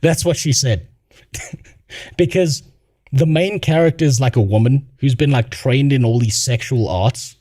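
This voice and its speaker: A man's voice: medium pitch, unhurried, dark tone, no room sound, studio quality. A young man streaming, ranting bluntly and swearing a lot, laughing as he tells stories. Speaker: streamer reacting to a video. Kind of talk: casual profane rant.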